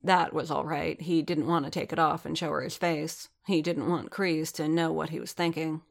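Low, gravelly-voiced woman reading a story. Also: level tone, normal speed. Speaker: narrator. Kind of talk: fan fiction reading aloud.

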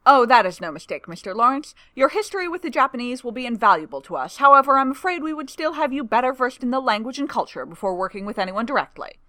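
Woman reading older male official, courteous, smooth, assured. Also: fairly high pitch, very animated, fast, hardly any pauses, sharp tone, dry recording, pitched above the performer's own voice.

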